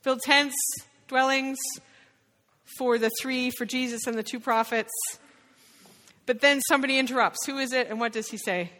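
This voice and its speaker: A woman leading an interactive Bible lesson, quizzing the group with quick questions. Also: high-pitched, bright, forceful tone. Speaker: Bible study leader. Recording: reverberant hall.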